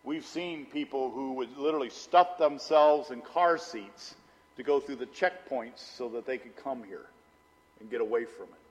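A middle-aged man preaching a sermon as pastor, telling personal stories conversationally and dropping low and intense for emphasis. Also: moderate pace. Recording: long hall reverb.

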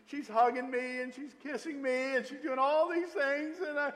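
A middle-aged man preaching a sermon, telling stories with lots of filler "uh"s and an animated delivery. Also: extremely high pitch, moderate pace. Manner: storytelling, animated, with frequent "uh" fillers. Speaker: pastor. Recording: long hall reverb.

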